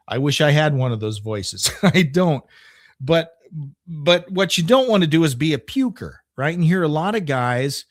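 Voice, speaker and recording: A man's voice: fairly high pitch, dry recording, clean studio sound. A man in his fifties from Oklahoma, a former radio DJ giving casual advice in a conversational way, often tagging "right?". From Oklahoma, USA. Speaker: former radio DJ, channel host.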